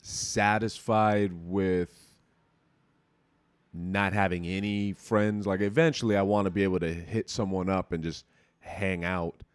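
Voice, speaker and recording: This young podcast host has a deep, low, smooth voice with fairly even intonation, and he talks a little slowly. His casual, candid chat rambles and swears freely, recorded dry and close to the mic with no room echo.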